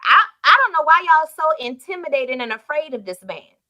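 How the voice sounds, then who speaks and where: A woman's voice: high voice, expressive, normal speed, pushed and bright, pitched above the performer's own voice. A woman preacher voicing a bold young shepherd who asks, unafraid, why the army is scared. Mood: defiant. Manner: defiant, incredulous.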